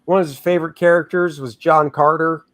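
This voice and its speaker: A man's voice: a little high, steady tone, a little fast, a bit bright. Joking man chatting on a livestream. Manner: joking, reads chat comments aloud. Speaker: comic artist hosting a livestream. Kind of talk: casual livestream chat.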